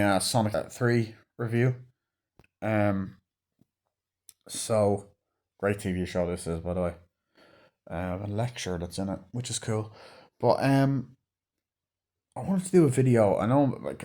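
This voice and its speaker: A man's voice: lowish voice, a little mellow. A man in his twenties rambling in a casual vlog at home late at night, swearing often and drifting off on tangents. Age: 20s. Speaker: movie vlogger. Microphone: phone camera.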